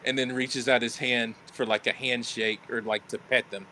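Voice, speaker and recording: A man playing a tabletop game, calmly describing what his character does in a hesitant way. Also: mid-range voice. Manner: unhurried, hesitant with fillers. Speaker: player.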